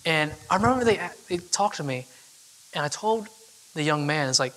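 Young male speaker, casual storyteller, slightly higher voice and bright tone, heard in a reverberant hall. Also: lively intonation, moderate pace. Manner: casual, chatty storytelling with frequent fillers. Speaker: keynote speaker. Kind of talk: storytelling talk. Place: event hall with audience.

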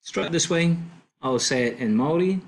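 A man tutoring a language lesson, explaining slowly and patiently with fillers and self-corrections. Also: on the high side, lively intonation.

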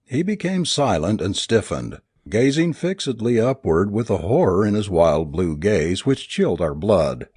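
A man narrating a first-person story aloud in a dramatic, expressive reading. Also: lowish voice, unhurried, few pauses, breathy edge, dry recording, clean studio sound. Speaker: audiobook narrator.

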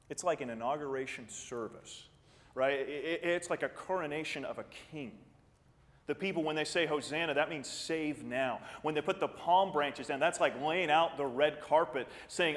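A male pastor delivers a sermon in a church, his voice pitched a bit high and his delivery animated, jumping into the voices of the people in his story. He repeats words as he gets going. The sound rings with the long reverb of a church hall. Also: a little fast. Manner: animated, acts out crowds' voices, repeats words when excited.

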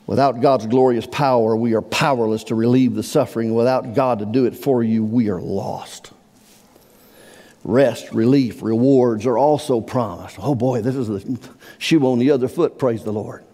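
A man preaching in a church with a voice of middling pitch that rings out in a long-echoing hall. He swings from hushed, slowed passages to near-shouted cries, pressing each point home. It is a live sermon delivered to a congregation. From Iowa. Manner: impassioned preaching, swelling to near-shouts on quoted words. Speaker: pastor. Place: church sanctuary.

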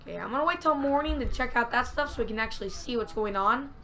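Bright-voiced woman narrating a game. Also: on the high side, fast. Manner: chatty, narrates every move to herself, excitable. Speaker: gamer. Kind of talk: let's-play commentary.

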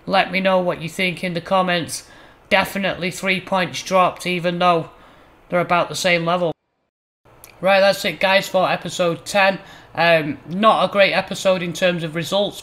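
Excitable high-voiced gaming commentator. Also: male voice. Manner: excitable, bursts loud on chances and goals. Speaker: gaming channel host. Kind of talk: playful mock match commentary over gameplay.

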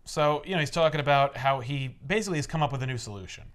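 A man's voice: medium pitch, racing, fairly bright tone. A man hosting a casual chat, rambling and swearing as he recaps a story and acts out its characters. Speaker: podcast host.

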